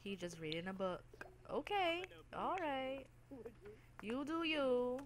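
A woman's voice: high voice, very animated, slow, slight background noise. A woman hosting a let's play, giving playful, chatty, teasing commentary over game chatter. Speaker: gaming channel host.

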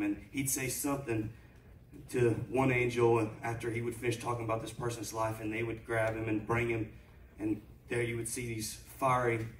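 A man telling a story in a sermon, building up to loud preaching. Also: medium pitch, a little hiss or hum. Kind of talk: sermon testimony. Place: church sanctuary. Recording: echoey church from far off.

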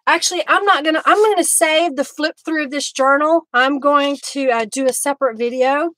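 A woman hosting a live craft stream, chatting warmly with viewers by name as she works. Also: high voice, brisk, no echo. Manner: friendly, talks to viewers by name while working.

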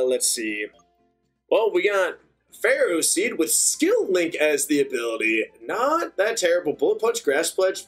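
A young man hosting a gaming channel, giving chatty, excitable let's-play commentary. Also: a little high. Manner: excitable, chatty, bursts into cheers.

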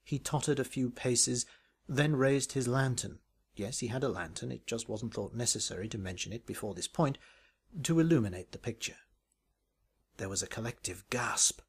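A man's voice: medium pitch, lively intonation, normal speed, husky. A man reading a comic parody story aloud in a dry, wry, arch manner. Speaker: narrator.

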